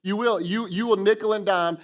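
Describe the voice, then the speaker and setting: A man preaching a sermon as lead pastor in a church, lively and animated, acting out quoted voices and calling for responses from the congregation. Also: high-pitched, brisk. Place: church sanctuary.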